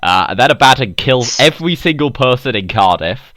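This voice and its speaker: A man's voice: medium pitch, lively intonation, a little fast, bright, forceful tone, dry recording, studio quality. A man co-hosting a podcast in casual chat, rambling, laughing often and swearing freely. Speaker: podcast co-host.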